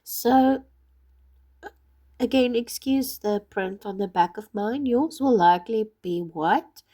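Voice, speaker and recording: A woman with a husky voice from being ill, patiently explaining each step of a craft project. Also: on the high side, takes it slowly, dark tone. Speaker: craft tutorial maker.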